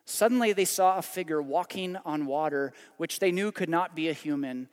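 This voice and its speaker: A man, a pastor, telling a story dramatically in a sermon, with passages that swell and then fall to a hushed prayer. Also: on the high side, normal speed, long reverb tail.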